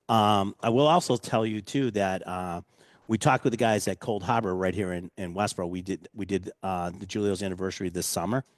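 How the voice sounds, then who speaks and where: A man's voice: fairly low pitch, no echo, clean studio sound. A man hosting a casual radio chat, loose and enthusiastic, full of fillers. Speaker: radio show host.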